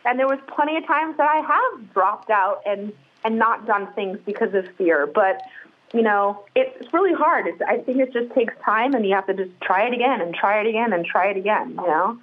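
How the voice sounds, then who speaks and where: A woman's voice: medium pitch, animated, normal speed, phone-quality sound. A middle-aged woman, a guest on a podcast, talking candidly in a casual chat with plenty of fillers and restarts. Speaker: interview guest, brow artist.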